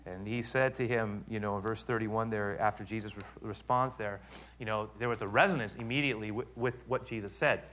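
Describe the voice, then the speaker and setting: A middle-aged man preaching a sermon, moving between quiet explanation and loud, emphatic build-ups. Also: lowish voice, fairly even intonation, a little fast.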